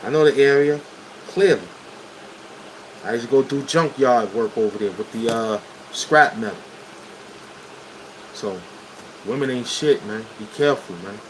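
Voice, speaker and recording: A man's voice: medium pitch, unhurried, long pauses, poor audio. A man from Brooklyn with a New York accent, telling stories to viewers on a livestream in blunt street slang. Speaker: livestream host. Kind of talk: casual livestream storytelling. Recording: air conditioner hum behind voice. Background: air conditioning hum.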